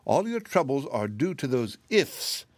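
A man's voice: mid-range voice, very animated, unhurried, darkish tone, no room sound, voice pushed up. A man voicing a small, kindly wizard in a storybook reading, speaking earnestly with a touch of nerves. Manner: earnest, a bit nervous.

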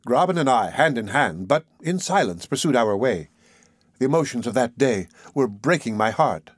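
A man reading a classic novel aloud in a measured, expressive way. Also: mid-range voice, breathy edge, no room sound, studio quality. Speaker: audiobook narrator. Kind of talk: scripted narration of a classic novel.

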